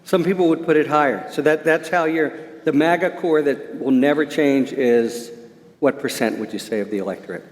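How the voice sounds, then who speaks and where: A man hosting a live on-stage interview, asking halting questions and giving frequent short affirmations. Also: on the high side. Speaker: podcast host. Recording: live event hall reverb.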